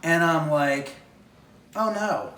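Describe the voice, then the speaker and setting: Animated storyteller man, heard from afar. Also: a little high, slow pace, slight background noise. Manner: animated storyteller who acts out the voices in his story. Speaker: homeowner and film producer. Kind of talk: casual anecdote told on location. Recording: echoey, distant, with faint outdoor ambience.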